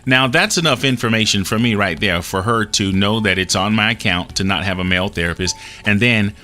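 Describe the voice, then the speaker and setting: Bright-voiced man telling a story. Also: lowish voice, a little fast, faint music behind. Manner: earnest, retells dialogue with small restarts. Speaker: host telling a personal story. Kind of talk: casual storytelling.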